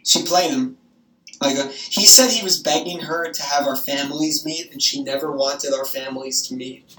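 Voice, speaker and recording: A young woman talking on the phone with her grandmother, animated and gossipy, swearing often. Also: a bass voice, moderate pace. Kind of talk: casual phone chat. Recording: roomy echo, distant from the mic.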